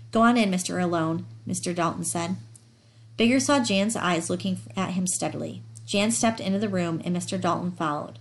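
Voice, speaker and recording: A woman reads a novel aloud in a steady, dramatic way. Her voice sits a little low and has a gravelly edge. She gives the characters light voices of their own. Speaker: audiobook reader.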